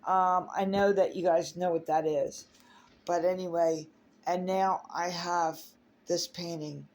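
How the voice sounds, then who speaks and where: Slow-talking tearful woman. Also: lowish voice, fairly even intonation, a little mellow. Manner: halting, tearful, many fillers and restarts. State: holding back tears. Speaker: artist sharing a personal story. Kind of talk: emotional personal vlog.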